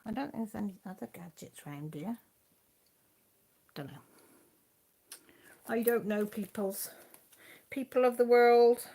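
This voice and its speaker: A woman's voice: fairly high pitch, unhurried, gravelly, pauses often, warm tone. A woman hosting a casual live stream from home, rambling chattily to viewers and her dog, filmed on a phone. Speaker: crafting channel host. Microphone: phone filming.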